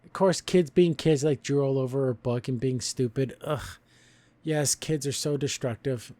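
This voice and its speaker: A podcast host reviews a cartoon, retelling an episode in a loose, rambling style and chuckling often. His voice is mid-range and warm, at a normal speed, making for casual review commentary.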